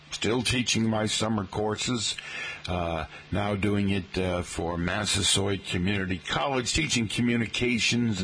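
Gravelly older male local radio host. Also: fairly low pitch, a bit bright, slight background noise. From Boston area. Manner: chatty, folksy, keeps saying "folks", many fillers. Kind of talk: rambling morning radio chat.

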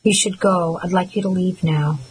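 A woman reading the lines of a hurt, bitter young man in an audiobook, quiet and clipped. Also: on the low side, fairly even intonation, moderate pace, a little hiss or hum, lightly acted, low-quality recording.

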